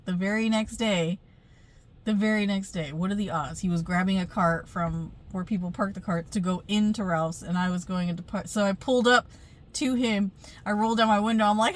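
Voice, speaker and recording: A middle-aged woman telling a rambling storytime vlog into her phone camera, chatty, with many fillers and frequent laughs. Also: mid-range voice. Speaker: spiritual vlogger.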